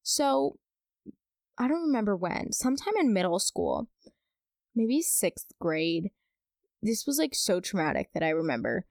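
Young woman with a gravelly, close voice. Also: mid-range voice, measured pace, pauses often, no room sound. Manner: chatty and expressive, dramatic emphasis on gross details. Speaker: podcast host. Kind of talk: casual storytime chat, reading listener stories aloud.

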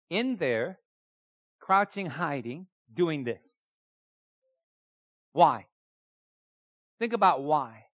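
A man's voice: fairly high pitch, a bit bright, no room sound. A man preaching a sermon, emphatic and repeating key phrases, often putting rhetorical questions to his listeners. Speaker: pastor.

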